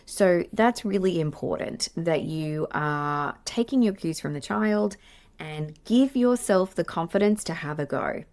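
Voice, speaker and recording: A woman's voice: lowish voice, expressive, measured pace, darkish tone. An Australian woman, a play therapist, hosting her podcast and teaching in a chatty, self-deprecating way with many fillers and restarts. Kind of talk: casual teaching monologue.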